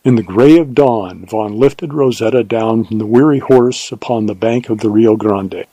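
Mellow male audiobook narrator. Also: lowish voice, slightly rough, no room sound, poor audio. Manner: measured, even storytelling. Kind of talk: scripted narration of a western novel.

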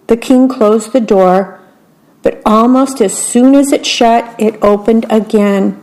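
A woman reading a children's story aloud, gentle and unhurried, adding her own asides. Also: a little high, low-quality recording.

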